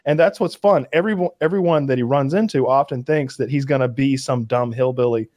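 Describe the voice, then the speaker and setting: A man talks in a loose, rambling way, stacking fillers and false starts as his enthusiasm builds. His pitch sits mid-range, and the sound is dry and close to the mic, with no room echo. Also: a little fast, darkish tone. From Kentucky. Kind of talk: casual chat.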